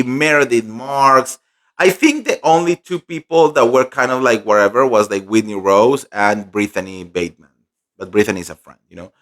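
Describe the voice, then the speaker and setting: Gossipy man chatting a recap. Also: mid-range voice. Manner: gossipy, animated, many fillers. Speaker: pop culture vlogger. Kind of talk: casual chat recap.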